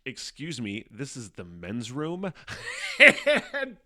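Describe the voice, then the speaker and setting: A man's voice: mid-range voice, big pitch swings, slow pace. A man hosting a podcast alone, telling a rambling, swear-heavy story and laughing often as he goes. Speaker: podcast host. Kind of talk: casual solo storytelling.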